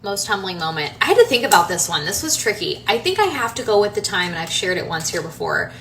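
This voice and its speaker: Bright chatty woman answering follower questions. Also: medium pitch, big pitch swings, quick pace. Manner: chatty and rambling, many fillers and restarts. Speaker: home renovation designer and social media creator. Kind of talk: casual Q&A chat to followers. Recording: somewhat distant from the mic, faint room noise.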